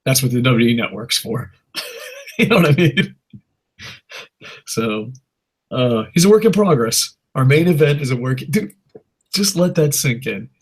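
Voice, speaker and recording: A man's voice: mid-range voice, very animated, moderate pace, long pauses, breathy edge. A man hosting a casual podcast, ranting in a rambling, profane way and laughing at his own jokes. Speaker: podcast host. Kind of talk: casual wrestling podcast rant.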